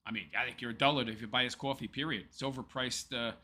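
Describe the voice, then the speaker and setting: A man's voice: mid-range voice, steady tone, quick pace, sharp tone. A man hosting a commentary show, talking sarcastically over a clip and laughing often at his target. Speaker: show host.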